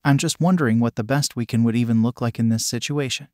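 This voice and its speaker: A man voicing a gruff, weary foster father who speaks bluntly in a drawl, in a storybook reading. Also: mid-range voice, quick pace, darkish tone, no echo, clean studio sound, close to an everyday voice.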